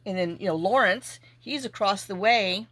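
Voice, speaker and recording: A woman hosting a crafting vlog, chatting casually and telling a rambling, animated story with asides while she works. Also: medium pitch, moderate pace. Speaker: junk journaling channel host.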